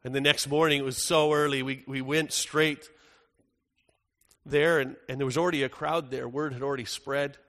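A man playing the apostle John as an older man in a first-person dramatic monologue, earnest, moving between hushed and urgent. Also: medium pitch, fairly even intonation, normal speed, lightly acted. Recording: echoey hall with long reverb.

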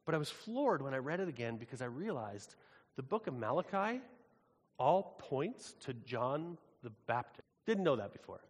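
A man preaching a sermon in a casual, animated, conversational way. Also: medium pitch, moderate pace, breathy edge. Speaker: pastor. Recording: long hall reverb.

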